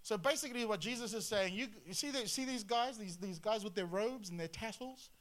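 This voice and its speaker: A male pastor preaching a sermon in an animated way, full of rhetorical questions and swings between loud and quiet. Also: high voice, a little fast.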